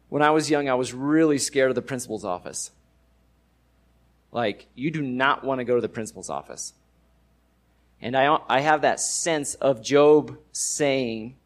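A man's voice: mid-range voice, unhurried, pauses often. A man preaching a sermon in a casual, conversational way, using everyday slang and rising with emphasis on key points. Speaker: pastor.

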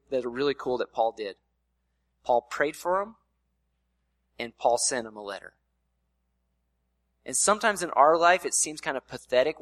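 A man's voice: a little high, a bit bright, dry recording. Conversational male pastor, dry sound. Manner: conversational preaching with playful voiced asides. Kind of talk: sermon.

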